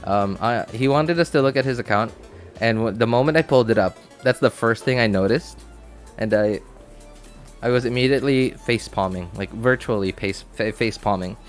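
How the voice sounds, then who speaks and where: A man's voice: mid-range voice, moderate pace, faint music behind. A man chatting casually on a game livestream, rambling with many fillers and restarts and laughing easily. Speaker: game streamer.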